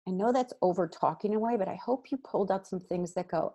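A middle-aged woman, a guest expert, giving parenting advice in an energetic, emphatic conversational way. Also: mid-range voice. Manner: energetic, emphatic, quick bursts of repetition.

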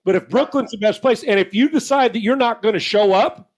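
Profane ranting man with a high voice. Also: fairly quick. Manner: profane, blunt, ranting with mock dialogue. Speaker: sports talk host. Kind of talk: heated sports talk rant.

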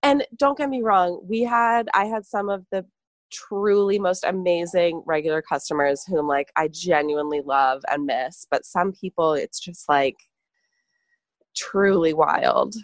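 A woman's voice: lowish voice, measured pace, dry recording. Chatty woman telling a story, dry sound. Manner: animated storytelling with frequent fillers and laughs. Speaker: podcast co-host, former barista. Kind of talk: casual chat.

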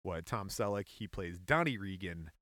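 A man co-hosting a podcast in casual chat, animated and laughing, now and then jumping into high silly voices. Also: moderate pace, no room sound. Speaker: podcast co-host.

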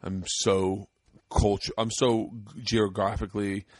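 Podcast host, American man, profane animated storyteller, dry close mic. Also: fairly low pitch, slow pace, dry recording. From United States. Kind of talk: casual chat.

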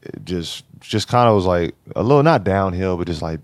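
A man's voice: sits low, expressive, normal speed, no echo. A young man in his twenties, a college basketball player, telling stories in a laid-back, slangy way during a casual interview. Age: 20s.

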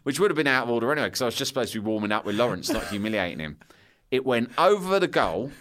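A middle-aged man telling a story on a podcast. He is animated and swears freely. He keeps slipping into the voices of the people in his tale. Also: medium pitch, very fast. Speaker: podcast guest. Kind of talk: casual storytelling.

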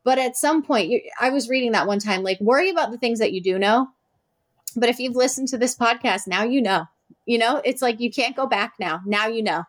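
A woman's voice: on the high side, brisk. Reflective woman co-hosting a faith podcast. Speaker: podcast co-host. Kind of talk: faith podcast conversation and prayer reading.

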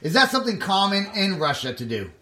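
A man from Puerto Rico hosting a podcast in casual chat, excitable and laughing often. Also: high-pitched, quick pace, roomy sound, slight background noise. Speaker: podcast host.

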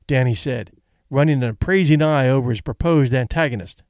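A man reading a story aloud in an expressive way, doing voices for the characters. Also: mid-range voice, brisk, no room sound. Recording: dry close recording.

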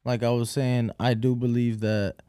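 A man's voice: medium pitch, level tone, moderate pace, mellow, clean tone, no echo, studio quality. A man co-hosting a casual boxing talk show, talking in a hesitant way with many fillers. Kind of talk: casual sports chat.

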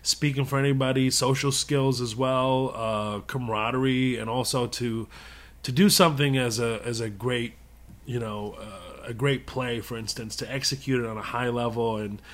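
A man talks as a comedian guest in an unscripted interview. His voice sits at an ordinary middle pitch, and he tells his stories with animation, laughing often as he goes. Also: fairly even intonation, normal speed, fairly bright tone. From Middle East. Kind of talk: casual interview conversation.

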